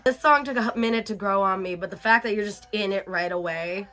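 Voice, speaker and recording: A woman's voice: medium pitch, a little fast, hardly any pauses, sharp tone. A woman hosting a casual album review, chatty and breaking into lyric snippets between her comments.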